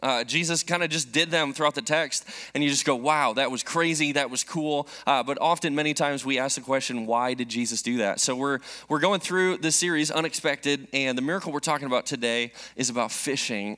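A man in his thirties preaching a sermon, telling a personal story in an animated, joking way. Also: mid-range voice. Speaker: pastor.

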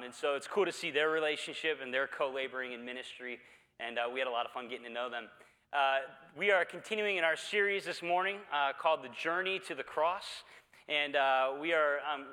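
A man preaching a Sunday sermon as pastor, talking conversationally and often pausing on "uh" and "um.". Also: on the high side, sharp tone, long reverb tail. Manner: conversational preaching with frequent "uh" fillers.

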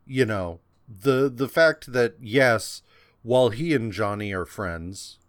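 Man, podcast host, slow rambling delivery, smooth voice, dry sound. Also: medium pitch, dry recording. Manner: slow and rambling, with fillers and restarts. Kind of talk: casual chat.

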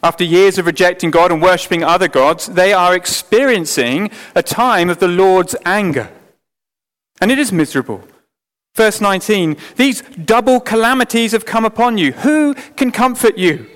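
A man's voice: high-pitched, lively intonation, moderate pace. Earnest male preacher in a reverberant hall. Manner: earnest, emphatic, with sudden drops to quiet. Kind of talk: sermon.

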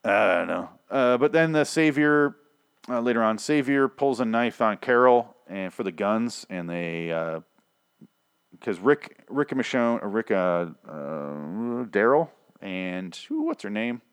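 A man's voice: fairly low pitch, animated, unhurried, clear, resonant tone, dry recording, clean studio sound. A man giving a casual, profane episode recap, rambling and sarcastic, acting out the scenes as he goes. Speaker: TV show recapper.

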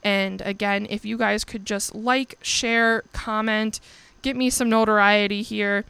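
A young woman with a gravelly, creaky edge to her voice talks casually through her own podcast. She is candid and profane and laughs often, and the sound is dry and close with no room behind it. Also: mid-range voice, steady tone, measured pace, a bit bright, no room sound. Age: young adult. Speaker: podcast host. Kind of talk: casual solo podcast chat.

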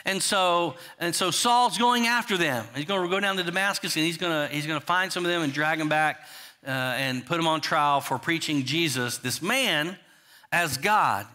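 Male pastor, bright and somewhat high, conversational sermon that questions the congregation. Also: moderate pace. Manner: frequent restarts and "you know" asides.

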